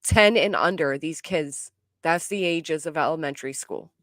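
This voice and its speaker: A woman doing live-stream commentary, reacting with outrage and loud exclamations, then dropping to muttering. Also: low voice, moderate pace, no room sound, studio quality. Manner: outraged, exclaiming, swings between shouting and muttering.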